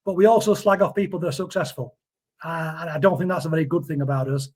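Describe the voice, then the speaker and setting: A man's voice: fairly high pitch, fast talker, darkish tone, breathy edge. A man, talking earnestly in a casual interview, often repeating words as he defends someone. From Yorkshire, England. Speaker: interview guest.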